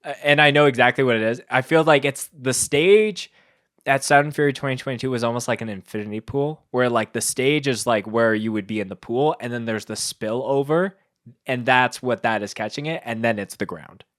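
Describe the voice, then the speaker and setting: A man's voice: medium pitch, brisk, a bit bright, dry recording, studio quality. A man hosting a podcast in casual chat, talking in long, effusive, rambling sentences full of "like". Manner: effusive, rambling, heavy use of "like". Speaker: podcast host.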